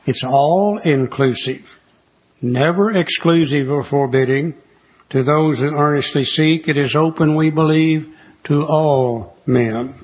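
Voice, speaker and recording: An older man walks through a recovery text in an earnest teaching tone and keeps returning to the same refrains. His voice sits somewhat high for a man, with a husky, breathy edge. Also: takes it slowly. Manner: earnest, repeats refrains, reads text aloud. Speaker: recovery speaker. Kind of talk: teaching talk on a recovery book.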